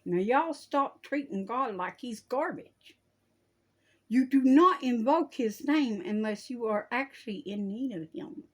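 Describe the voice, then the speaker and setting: A woman delivers a homespun warning in a religious video. Her voice sits a little high, and she scolds in a folksy way, breaking into laughter often. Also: animated, measured pace. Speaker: online preacher. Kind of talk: casual religious video talk.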